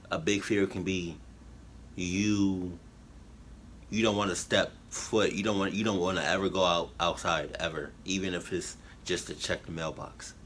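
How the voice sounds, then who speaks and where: A man giving halting, emotional commentary on a reaction video, full of fillers and restarts. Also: low voice, fairly bright tone, slight background noise. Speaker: YouTube reactor. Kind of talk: rambling heartfelt commentary.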